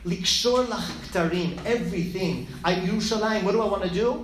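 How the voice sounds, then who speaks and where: A teacher giving a lively lesson, asking and answering their own questions and acting out the story. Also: medium pitch, a little fast, a little hiss or hum. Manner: animated, asks and answers own questions, acts out voices. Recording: echoey room with faint ambience.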